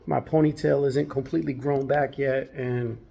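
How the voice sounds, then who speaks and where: Casual barber vlogger, gravelly voice, chatty and conversational, talking to camera in his shop. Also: medium pitch, fairly even intonation, normal speed, mellow. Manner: conversational, with frequent "right?" tags. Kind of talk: casual vlog talk.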